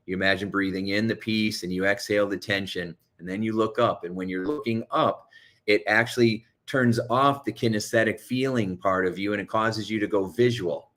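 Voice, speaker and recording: Fast-talking man giving coaching advice. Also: on the low side, fairly bright tone. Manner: fast, urgent, coaching delivery. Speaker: hypnotherapist and coach. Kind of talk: motivational self-help talk.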